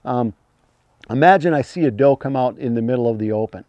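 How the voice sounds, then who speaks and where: A man teaching hunting calls in a plain-spoken, folksy way, breaking into high imitated fawn cries as he explains. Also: brisk, dark tone, no echo, dull audio. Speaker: hunting call instructor. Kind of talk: instructional talk.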